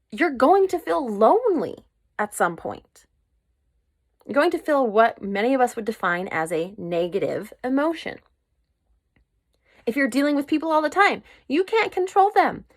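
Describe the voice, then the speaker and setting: A woman's voice: high-pitched, no echo, clean studio sound. A woman hosting a solo self-help podcast, talking candidly and emphatically in a coaching manner. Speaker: podcast host.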